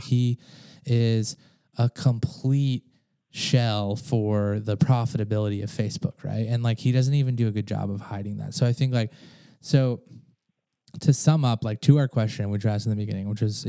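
A man's voice: medium pitch, dark tone, no echo. A man hosting a podcast, talking casually, laughing often and swearing freely. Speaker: podcast host. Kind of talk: casual conversation.

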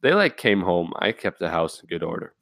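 Low-voiced young man rambling profanely. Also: very animated, fairly quick, gravelly, a bit bright, no room sound, studio quality. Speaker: vlogger. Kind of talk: casual storytelling.

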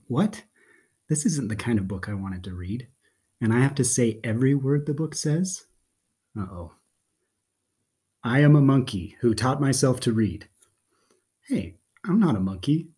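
A man's voice: medium pitch, warm tone, slightly rough. A man, a father and guest on a podcast, reading a picture book aloud in a playful, theatrical way.

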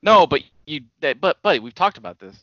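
A man's voice: a little high, sing-song, brisk, pushed and bright, dry recording, highs cut off. A young man co-hosting a casual podcast, teasing and needling his friend with crude jokes.

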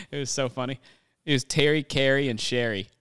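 A man's voice: mid-range voice, moderate pace, smooth, no echo, clean studio sound. A man co-hosting a movie podcast, rambling and laughing in a casual chat. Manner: giggly, rambling, animated. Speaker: podcast co-host.

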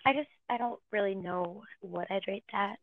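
A woman's voice: mid-range voice, normal speed, dry recording. Young woman rating songs, blunt, sounds like a phone line, dry. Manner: blunt, gives number ratings. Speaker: podcast co-host. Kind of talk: casual chat reviewing songs.

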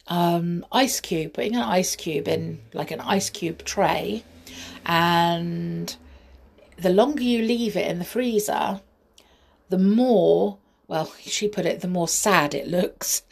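Slow, gravelly woman reading a story. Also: fairly low pitch. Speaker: storyteller, parent. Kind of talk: reading a children's story aloud.

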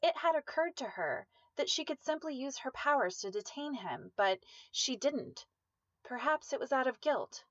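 A woman reading a dramatic story aloud in steady, measured narration. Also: high voice, no echo, muffled recording.

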